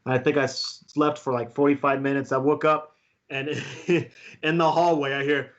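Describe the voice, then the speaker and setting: A man, a guest, telling a story in a casual, excitable way and laughing often. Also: mid-range voice, moderate pace, dull audio, background noise. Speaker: guest beatboxer.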